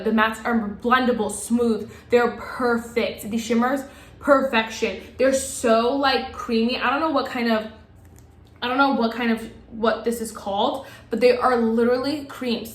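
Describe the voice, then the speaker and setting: A young woman reviewing makeup in a casual vlog, gushing and excitable as she chats to her viewers. Her voice sits fairly high. The room around her rings with echo. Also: normal speed. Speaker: beauty vlogger. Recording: echoey room.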